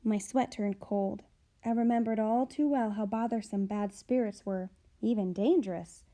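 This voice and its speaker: Storybook role: woman voicing a boastful male storyteller, animated. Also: medium pitch, moderate pace, natural voice. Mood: dramatic. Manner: dramatic, animated telling. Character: boastful male storyteller recounting his scare.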